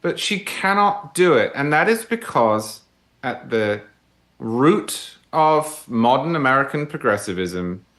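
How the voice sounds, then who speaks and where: Guy pundit on a talk show, articulate, emphatic, mid pitch. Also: big pitch swings, slow pace, fairly bright tone. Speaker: guest commentator. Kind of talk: political talk show commentary.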